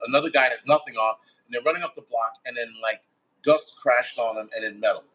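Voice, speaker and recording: A man's voice: medium pitch, fast, sharp tone, slight background noise, low-quality recording. A man, a firefighter guest, telling a story in a blunt, casual way with heavy swearing, acting out his own quoted thoughts. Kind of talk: casual first-person storytelling.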